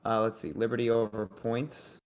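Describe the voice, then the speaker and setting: A man's voice: mid-range voice, monotone, moderate pace. Casual young male betting stream host. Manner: loose, joking, talks to chat. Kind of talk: casual livestream chat.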